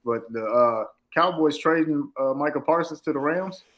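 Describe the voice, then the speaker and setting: A man in his thirties, a football coach, talking easily and calmly as a podcast guest. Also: a little high, moderate pace, low-quality recording. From Los Angeles. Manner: laid-back, easygoing, some stammering restarts. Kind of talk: casual interview chat.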